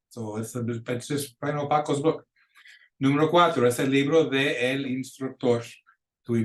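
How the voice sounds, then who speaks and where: A man gives a recorded lesson, patiently working through examples and repeating key phrases. His voice sits in a middle pitch. The room around him is echoey. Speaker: Spanish teacher. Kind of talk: recorded lecture for students.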